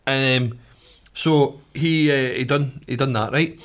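A man's voice: medium pitch, steady tone, measured pace, fairly bright tone. Scottish man, casual banter, emphatic sweary storyteller. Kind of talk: casual chat.

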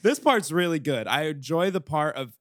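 A man's voice: on the high side, animated, normal speed, fairly bright tone, no echo, studio quality. Blunt man in casual chat. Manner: frank, blunt, profane.

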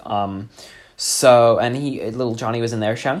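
A man telling a deadpan comic story in a rambling way, with many fillers. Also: medium pitch, a little fast.

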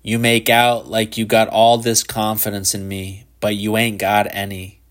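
A man's voice: on the low side, monotone, unhurried, fairly bright tone. A man voicing a sly, mocking teenage boy with a clubfoot in a storybook reading.

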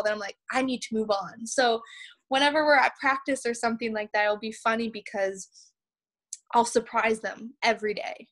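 A young woman from Canada, a pole vaulter and podcast guest, telling lively stories and laughing often. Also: fairly high pitch. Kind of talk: podcast interview storytelling.

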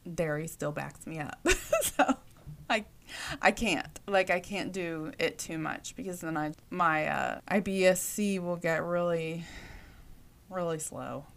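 A woman's voice: fairly low pitch, a bit bright. A woman in her forties from the United States, telling personal stories in a chatty, rambling way, often correcting herself. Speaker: vlogger. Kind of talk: casual storytelling.

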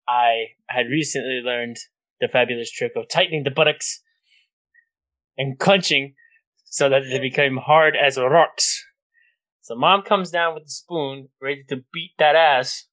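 A man's voice: medium pitch, fairly bright tone, low-quality recording. A man telling a family story to his siblings in a casual chat, swearing freely and acting out the quotes.

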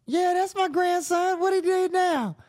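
A man voicing an elderly grandmother who is flustered and quick to defend her grandson. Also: a little mellow. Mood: surprised. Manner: high, fussing, quick to defend.

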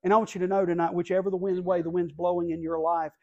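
High-voiced preacher shouting from the pulpit. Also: male voice, little pitch movement, fast talker, muffled recording. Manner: impassioned, swings from hushed to shouting. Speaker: pastor. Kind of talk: sermon. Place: church pulpit.

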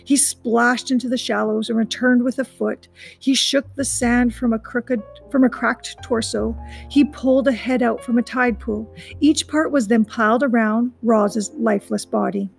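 Female storybook reader with a gravelly edge, brisk read-aloud delivery. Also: a little high, steady tone, faint music behind. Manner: recaps chapters casually, then reads briskly. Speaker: reader of a children's novel. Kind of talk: reading a book aloud.

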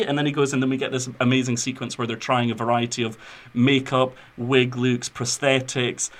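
A man's voice: mid-range voice, level tone, moderate pace, hardly any pauses, fairly bright tone. Chatty young man discussing films. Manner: chatty, enthusiastic, rambling with fillers. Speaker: podcast co-host. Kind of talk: casual film chat.

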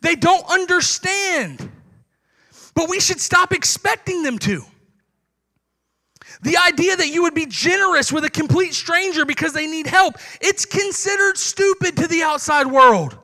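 A man's voice: extremely high pitch, animated, a little slow, sharp tone. A young man preaching a sermon to his congregation in a conversational way, acting out little dialogues.

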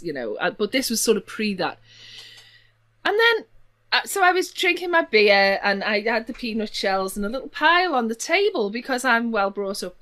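A woman from Liverpool with a Liverpool accent, telling stories in casual chat, laughing often and swooping up in pitch. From Liverpool, England. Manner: animated storyteller, laughs often, voice swoops high in anecdotes.

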